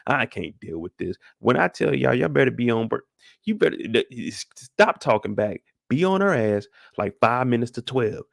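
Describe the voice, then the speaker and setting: A man voicing an irritated precinct captain, middle-aged, gravelly, cursing, barking orders, bossy, dry close sound. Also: medium pitch, very animated, normal speed, no room sound. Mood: exasperated. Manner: profane, bossy rant at his detectives.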